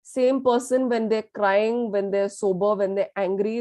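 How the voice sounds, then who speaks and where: In a communication workshop, a female trainer with a dark, medium-pitched voice speaks at a measured pace and fairly even intonation. She hammers points home through repetition, questions the class, and shifts into Hindi phrases now and then.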